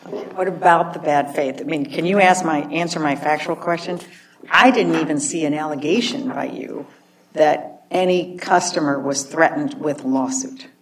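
A woman's voice: sits low, normal speed. A woman judge questioning counsel from the bench, skeptical and pointed. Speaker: appellate judge. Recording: distant mic with faint noise.

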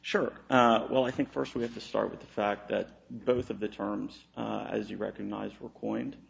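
A man's voice: on the low side, fairly even intonation, moderate pace, vocal fry, muffled recording. A man from Texas, an attorney making an oral argument on appeal, hesitant with many fillers and restarts.

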